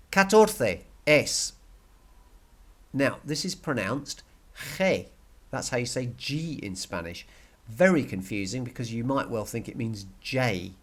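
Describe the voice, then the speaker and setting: Male teacher, mid-pitched, patient, slow repeats for learners. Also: fairly bright tone. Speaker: Spanish teacher. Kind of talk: recorded grammar lesson.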